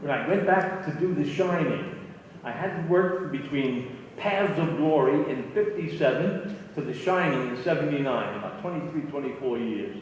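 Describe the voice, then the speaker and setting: An older man, a guest actor at a fan convention, telling an anecdote in an animated way and often repeating his words. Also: mid-range voice, moderate pace, a little hiss or hum. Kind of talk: storytelling Q&A anecdote. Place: convention hall. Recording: echoey hall from far off.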